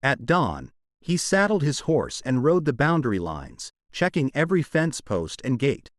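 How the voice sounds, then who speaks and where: A man narrating a romance audiobook in a dramatic, expressive storytelling manner. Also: mid-range voice, measured pace, no room sound, studio quality.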